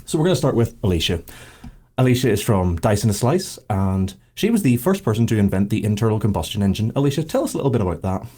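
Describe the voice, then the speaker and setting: A man hosting a comedy quiz, introducing his guests with playful, deadpan jokes. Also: lowish voice, quick pace, slightly rough. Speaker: quiz host.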